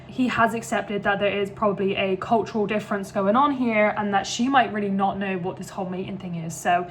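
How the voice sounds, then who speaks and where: A woman's voice: medium pitch, steady tone, normal speed, slight background noise. A young woman chatting casually about a book she is reading in her home kitchen, amused and sarcastic. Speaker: book vlogger.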